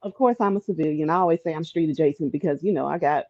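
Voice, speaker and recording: Calling in to a live stream from Chicago, this woman talks fast in a low, slightly mellow voice, sounding earnest and thankful and filling gaps with ums. It's a relaxed call-in conversation over a remote line, dull-sounding but free of room sound.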